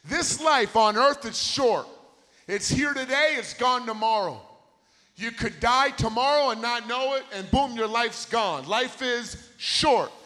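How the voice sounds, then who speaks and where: A man's voice: extremely high pitch, a little slow, bright, forceful tone. A man preaching a sermon into a handheld microphone, telling a story with building intensity and repeating key phrases. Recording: long hall reverb.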